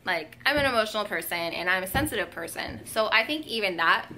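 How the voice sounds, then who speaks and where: A woman's voice: medium pitch, expressive, fairly quick, noisy background. A young woman vlogging at home, telling a story in a casual, emotional way, full of "um" and "like". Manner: emotional, lots of fillers like "um" and "like".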